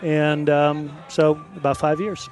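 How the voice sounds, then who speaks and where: A man's voice: on the high side, level tone, slow, soft background music. A man from California who co-founded a distillery, talking it up in a casual outdoor interview with many fillers. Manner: upbeat promotional talk with fillers. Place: outdoors at a music festival.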